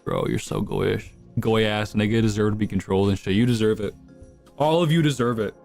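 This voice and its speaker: A man's voice: fairly low pitch, a little fast, gravelly, a little mellow, faint music behind. A young man live streaming, answering chat with crude, provocative, slang-heavy banter.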